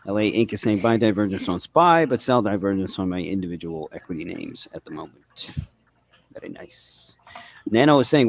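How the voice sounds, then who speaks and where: A man with a New England accent and a lowish voice chats loosely on a live market stream. He swears, teases his co-hosts and reads viewer comments out loud, while keys clatter faintly nearby. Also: animated, moderate pace, vocal fry, a little hiss or hum. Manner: profane, bantering, reads chat aloud. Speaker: livestream trading host. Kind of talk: casual live market chat.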